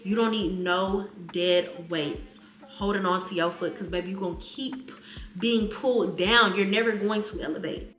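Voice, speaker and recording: A young woman vlogger answers viewer questions in an animated, slangy way, talking straight to her audience. Her voice has a bright, forceful edge. The sound bounces around an echoey room. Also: medium pitch, moderate pace, soft background music. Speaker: vlogger, mother. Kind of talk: casual Q&A vlog chat.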